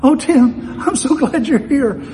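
A man's voice: very animated, slow pace, a little mellow, exaggerated voice. A man voicing a dazed young woman who has just been in a car crash, rambling in a shaky, raised voice. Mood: distraught. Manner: shaky, rambling, high-pitched. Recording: reverberant hall with faint noise.

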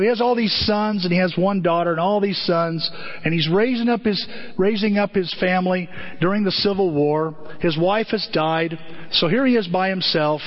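An earnest male pastor preaching in a conversational, storytelling way, often circling back to repeat a phrase. His voice is somewhat high for a man. The sound is muffled and dull, with a long hall echo behind it. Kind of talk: sermon. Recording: dull echoey hall recording.

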